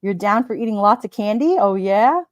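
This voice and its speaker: A woman's voice: medium pitch, measured pace, a little mellow, no echo, studio quality. A woman with a Brooklyn accent hosting a casual live stream, chatting, reading out viewer comments and laughing often. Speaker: livestream host.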